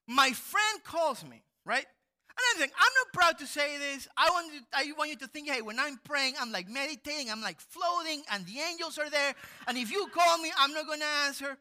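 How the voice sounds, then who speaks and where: Animated male preacher, sharp forceful tone, storytelling delivery. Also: very high-pitched, normal speed. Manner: animated storytelling, swings into loud acted quotes. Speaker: pastor. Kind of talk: sermon.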